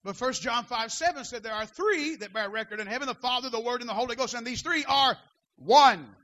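A man, a pastor, preaching a sermon. He swings from shouted declarations down to quiet, almost whispered asides, and he reads scripture aloud in formal old-style wording. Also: very high-pitched, fairly quick.

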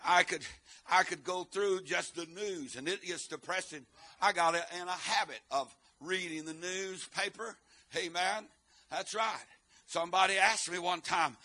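High bright preacher. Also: male voice. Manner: chanting, swelling to shouts, answering "amen" after phrases; chatty and joking in quieter stretches. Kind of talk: sermon. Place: church.

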